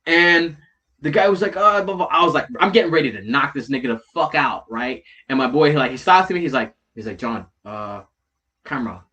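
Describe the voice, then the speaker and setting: A man casually telling a story, swearing a lot, tagging lines with "right?" and "bro", rising loud in the heated parts and dropping low in the asides. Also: a little fast. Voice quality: heavy swearing, slangy, repeats "right?" and "bro". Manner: animated, swings from loud retelling to low mutters.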